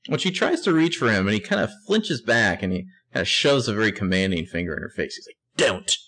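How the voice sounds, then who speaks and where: A man's voice: lowish voice, sing-song, fast talker, fairly bright tone. A man co-hosting a casual TV recap podcast, narrating scenes bluntly and swearing often. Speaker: podcast co-host.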